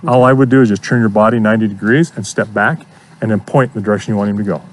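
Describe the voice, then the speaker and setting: A man coaching a student through horse training outdoors, giving steady encouragement and repeating his praise. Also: fairly low pitch, racing, slight background noise. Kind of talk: hands-on coaching.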